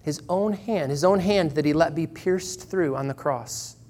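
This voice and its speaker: Guy preaching in church, earnest, slows way down on the big lines. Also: on the high side, darkish tone. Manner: earnest, measured preaching with slow emphatic pauses. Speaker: pastor. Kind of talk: sermon.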